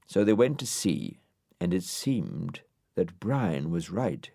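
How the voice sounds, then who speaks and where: Deep slow-reading male storybook narrator. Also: big pitch swings, vocal fry, warm tone, no echo, clean studio sound. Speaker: audiobook narrator.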